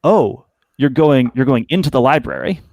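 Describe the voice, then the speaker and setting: A man narrating as game master of a tabletop game, speaking haltingly with many fillers and restarts. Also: medium pitch, animated, creaky, darkish tone, no echo, highs cut off.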